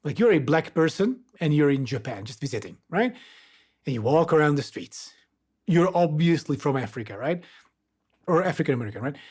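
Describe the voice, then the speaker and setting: Eastern European man, podcast guest, fairly high voice, loose chatty delivery with fillers. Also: brisk, husky. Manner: animated, lots of fillers like "like" and "right". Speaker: guest, video creator. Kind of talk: casual podcast conversation.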